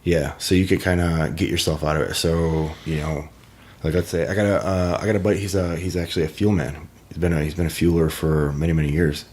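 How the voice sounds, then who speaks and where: Deep-voiced laid-back man from Wisconsin. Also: steady tone, fairly quick, darkish tone. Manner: laid-back, laughs often. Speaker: podcast guest. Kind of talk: casual chat.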